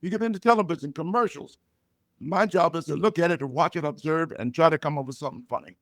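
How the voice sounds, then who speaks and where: A man's voice: fairly high pitch, fast, no echo, studio quality. Older man telling punchy jokes. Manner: loud punchy joke delivery, animated storytelling. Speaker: comedian guest. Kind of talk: storytelling comedy chat.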